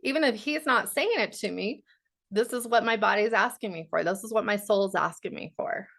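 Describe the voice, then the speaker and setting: A woman's voice: mid-range voice, a little fast, creaky, a bit bright. A woman self-help coach speaking in a casual livestream talk, candid and blunt, swearing freely.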